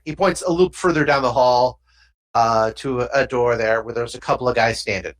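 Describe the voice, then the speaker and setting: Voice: mid-range voice, moderate pace. A game master with a Southern US accent narrating a tabletop game in a casual, loose way.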